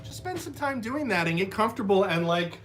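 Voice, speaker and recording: A man's voice sits high and sounds a bit bright, with lively intonation at a fairly quick pace and faint music in the background. He's giving a chatty, enthusiastic drum lesson on a live stream from a drum shed via phone, saying "like" and "right?" a lot and scatting rhythms out loud.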